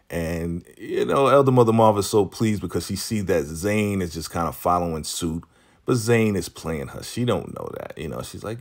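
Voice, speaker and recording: A man casually recapping a TV drama episode, retelling scenes in a lively way and acting out the characters' lines with frequent laughs. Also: deep voice, moderate pace. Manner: animated, acts out characters' lines while retelling, laughs often. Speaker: recap host.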